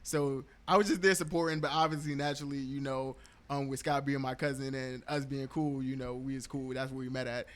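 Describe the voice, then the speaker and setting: A man's voice: mid-range voice, level tone, fairly quick. A man, a podcaster and YouTuber, talking casually as a guest, laid-back and full of slang, laughing easily. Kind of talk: casual conversation.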